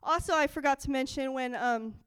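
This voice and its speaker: A young adult woman giving an excited, animated testimony in a church service, acting out her own quoted dialogue. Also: sits high, a little fast, smooth, dry recording. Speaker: church speaker.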